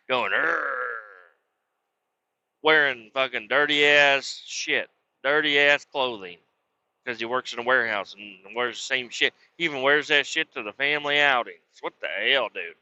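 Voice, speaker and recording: A man's voice: mid-range voice, sharp tone, no room sound, highs cut off. A man hosting a podcast, telling a rambling, profane story in a casual monologue and jumping into quoted voices of the people in it. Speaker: podcast host.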